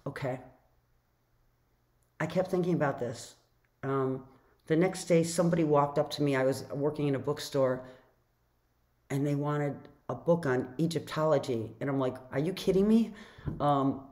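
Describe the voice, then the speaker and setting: A woman author telling a personal story in a casual vlog, chatty and animated, full of "like" fillers and acting out her own reactions. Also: low-pitched, moderate pace, pauses often.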